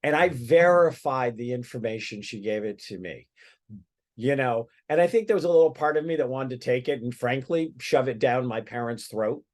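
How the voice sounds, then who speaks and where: A man's voice: mid-range voice, animated, normal speed, a little mellow. Podcast guest, man, chatty storyteller, trips over his words. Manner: rambling, many restarts and fillers. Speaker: guest psychic medium. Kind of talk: casual storytelling.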